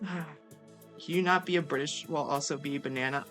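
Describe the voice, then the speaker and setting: Bright, chatty young woman streamer. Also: low voice, normal speed, soft background music. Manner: chatty, self-mocking, swears casually. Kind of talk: casual game commentary.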